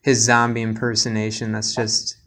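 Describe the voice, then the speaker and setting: A man's voice: fairly low pitch, completely flat delivery, normal speed, a bit bright. A man hosting a casual podcast, joking and telling playful stories. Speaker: podcast host.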